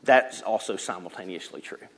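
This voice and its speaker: A pastor preaching a sermon in a church, swinging from loud emphasis to hushed near-whispers and acting out quotes. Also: male voice, low voice, moderate pace, husky. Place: church sanctuary.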